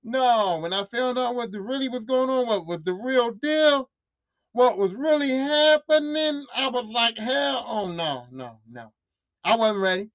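A woman hosting a casual solo podcast, ranting in an animated, profane way and repeating phrases for emphasis. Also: fairly high pitch, dry recording. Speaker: podcast host. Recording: dull lo-fi dry recording.

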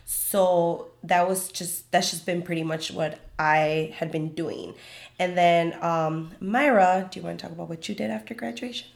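Chatty young woman with a low voice. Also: moderate pace, gravelly. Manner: chatty, animated storytelling with quoted voices. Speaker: podcast co-host. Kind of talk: casual chat between friends.

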